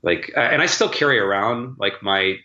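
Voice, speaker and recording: Middle-aged guy gushing about gigs, lots of "like", lowish voice, muffled roomy audio. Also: lively intonation, normal speed, bright, forceful tone. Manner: enthusiastic storyteller, many fillers like "like". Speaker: session guitarist, guest. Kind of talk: casual interview chat.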